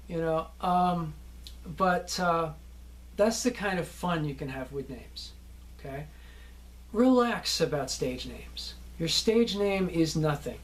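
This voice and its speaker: A middle-aged man teaching acting students in a casual, rambling lecture, often ending lines with "okay?". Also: on the high side.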